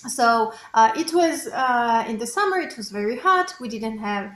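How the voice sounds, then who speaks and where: A young French woman with a high, bright-toned voice tells a story in English with a clear French accent. Her delivery is chatty and expressive, full of little fillers. The sound carries a noticeable echo, as if she is speaking in a bare room. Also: moderate pace. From France. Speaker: French teacher. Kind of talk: casual storytelling. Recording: echoey room.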